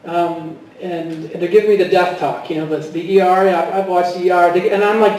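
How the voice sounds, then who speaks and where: A middle-aged man giving a personal testimony, speaking haltingly with many fillers and restarts and often quoting himself. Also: high-pitched, fairly even intonation, darkish tone. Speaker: guest speaker. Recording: echoey hall from far off.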